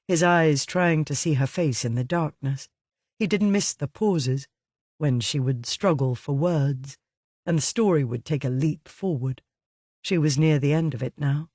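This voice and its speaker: Male audiobook narrator, measured delivery, slightly raised pitch, dry sound. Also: a little mellow, no echo. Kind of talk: scripted narration.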